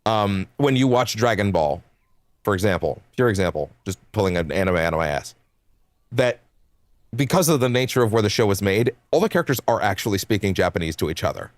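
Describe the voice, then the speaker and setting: A young adult man streaming games, chatting casually in a rambling, animated way, laughing often and swearing freely. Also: on the low side, fairly quick, no room sound. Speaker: game streamer. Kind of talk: casual chat while livestreaming.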